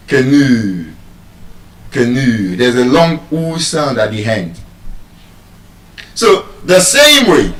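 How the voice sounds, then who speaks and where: A man with a Nigerian accent giving a live talk on pronunciation to an audience, playful and teasing, repeating words slowly to drill them. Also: medium pitch, a bit bright. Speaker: public speaker teaching pronunciation. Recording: echoey hall, voice from far off.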